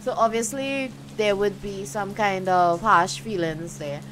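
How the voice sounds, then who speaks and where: A woman's voice: medium pitch, unhurried, background noise. A woman streaming a game, musing aloud as she talks through her choices. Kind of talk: let's play commentary. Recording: game music behind.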